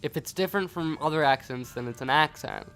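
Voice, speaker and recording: Young american guy rambling over a game, bright edgy voice, trips over his words a lot, music faint behind. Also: fairly high pitch, brisk, smooth. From United States. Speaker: gaming YouTuber. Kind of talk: casual let's-play commentary.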